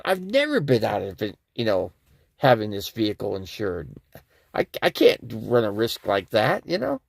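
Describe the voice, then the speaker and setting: Brief: male RV livestreamer, rambling casual storyteller, gravelly voice, dry close sound. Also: on the low side, no echo. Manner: rambling, animated retelling with many "you know"s. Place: inside an RV. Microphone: streaming from a phone or camera.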